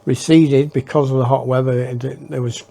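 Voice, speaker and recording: A man's voice: mid-range voice, level tone, normal speed, gravelly, mellow. A man telling his memoir in a rambling, reflective way. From northern England. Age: 60s. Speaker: storyteller. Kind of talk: memoir storytelling.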